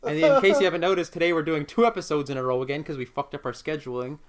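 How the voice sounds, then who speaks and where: A man's voice: fairly high pitch, very fast. A man co-hosting a podcast in casual chat, dry and sarcastic, who swears casually. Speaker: podcast co-host.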